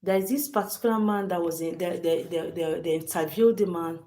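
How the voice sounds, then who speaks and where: A woman's voice: lowish voice, brisk, dark tone. A woman hosting a livestream, telling a story to her chat emphatically and repeating phrases often. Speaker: livestream host.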